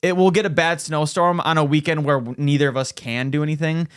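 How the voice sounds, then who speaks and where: A man's voice: on the high side, fairly even intonation, fairly quick, clear, resonant tone, no room sound, clean studio sound. A young man co-hosting a podcast, laid-back casual chat with frequent swearing. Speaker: podcast co-host.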